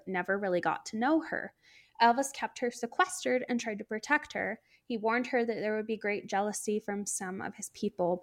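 A woman's voice: mid-range voice, creaky. A woman co-hosting a podcast in casual chat, talking in a chatty way with lots of "like" fillers. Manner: chatty, many "like" fillers, laughs while talking. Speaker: podcast co-host.

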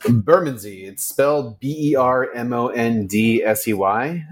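A man's voice: mid-range voice, unhurried, a crowd in the background. An American man co-hosting a casual podcast, rambling and joking at his own expense with lots of fillers. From United States. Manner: rambling and self-mocking, many fillers. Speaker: podcast co-host. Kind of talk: casual chat. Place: traveling, recording remotely.

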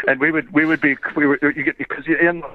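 A man's voice: on the high side, fairly even intonation, moderate pace, dry recording. A man from Canada, a voice actor guest, telling rambling anecdotes with frequent chuckles in a casual interview. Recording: tinny phone-like line, dry.

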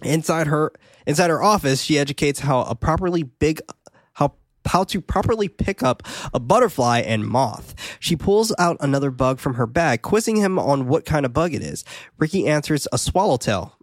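A man's voice: a little high, animated, moderate pace, dry recording, clean studio sound. A man casually recapping a movie scene by scene on a podcast, laughing often and swearing freely. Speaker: podcast co-host recapping a film.

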